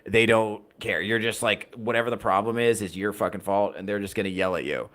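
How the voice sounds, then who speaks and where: Reading viewer chat on his casual livestream podcast, a man from the United States rambles along with wry humor and profanity. His voice is fairly low and a bit bright, with fairly even intonation at a fairly quick pace.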